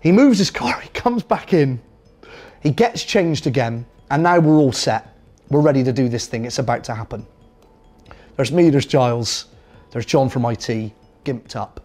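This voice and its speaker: A man telling a comic anecdote in a lively, self-amused way. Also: medium pitch, moderate pace. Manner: animated, self-amused storytelling. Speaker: comedian.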